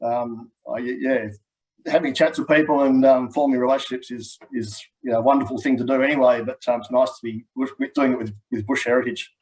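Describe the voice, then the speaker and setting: A middle-aged man with an Australian accent giving a relaxed, chatty webinar presentation as a land manager, with frequent ums. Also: medium pitch, fairly quick, low-quality recording. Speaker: healthy landscape manager.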